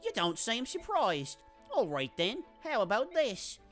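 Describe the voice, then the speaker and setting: A woman voicing a gossiping, rough-spoken male soldier who drawls coarse slang and spreads rumours in a sly, conspiratorial way. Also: on the high side, wildly swooping pitch, unhurried, fairly bright tone, soft background music, pitched above the performer's own voice, full character voice.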